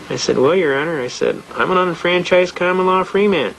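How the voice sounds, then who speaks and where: A man giving a fast, anecdotal talk, acting out dialogue from his stories. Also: fairly high pitch, fairly bright tone, slight background noise, rough recording. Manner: fast-talking storyteller, acts out dialogue. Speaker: speaker on legal rights. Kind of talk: anecdotal lecture.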